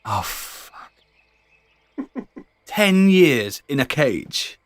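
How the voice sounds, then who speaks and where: A man's voice: medium pitch, expressive, normal speed, sharp tone, no echo. A man voicing a sarcastic, swearing male halfling prisoner in a tabletop game. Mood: exasperated.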